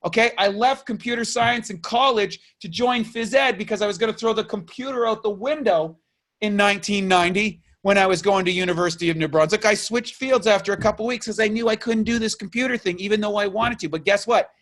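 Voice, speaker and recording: A man's voice: high voice, a little fast, fairly bright tone. A middle-aged man from Canada, a business coach giving a fired-up, urgent motivational rant full of rhetorical questions.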